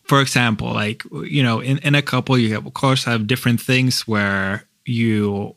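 Halting man with a dry sound. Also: mid-range voice, fairly even intonation, fairly bright tone, dry recording. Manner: halting, many restarts and fillers. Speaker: husband in a couple's talk. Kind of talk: casual conversation.

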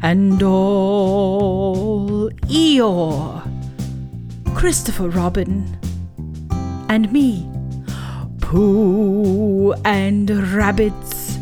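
Gentle, hungry storybook bear sung by a woman, very slow, drawn-out, over clear acoustic guitar. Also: mid-range voice, steady tone. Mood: dreamy. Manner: sung slowly and sweetly over plucked guitar. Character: gentle, hungry, dreamy male teddy bear. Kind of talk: sung children's song.

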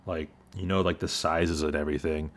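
Low-voiced male podcast host, joking and loose, heavy on filler words. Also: level tone, a little fast. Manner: loose and jokey, with lots of "like" fillers. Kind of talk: casual chat.

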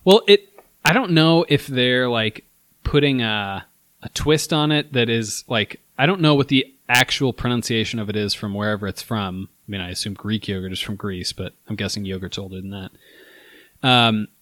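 A man's voice: lowish voice, moderate pace, a bit bright, dry recording. Rambling man co-hosting a podcast. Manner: rambling, hesitant, candid. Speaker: podcast co-host. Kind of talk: casual chat.

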